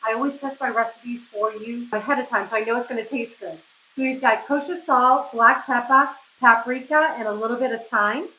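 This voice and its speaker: A woman's voice: a little high, normal speed, sharp tone, roomy sound, slight background noise, low-quality recording. A middle-aged woman from New England hosting a casual cooking demonstration, chatty and upbeat, often checking in with "right?". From New England, USA. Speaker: cooking show host. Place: home kitchen.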